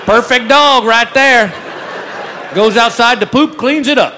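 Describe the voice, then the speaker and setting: Man, stand-up comic, high-pitched, deadpan tales, live room noise, laughing crowd. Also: unhurried. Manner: dry deadpan storytelling, bits of voices for others. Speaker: stand-up comedian. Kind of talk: stand-up comedy routine. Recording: live club with audience noise.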